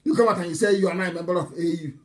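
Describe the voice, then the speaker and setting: A man giving a live political broadcast, mocking and animated, swinging between loud outbursts and low asides. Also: racing. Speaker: broadcaster addressing followers.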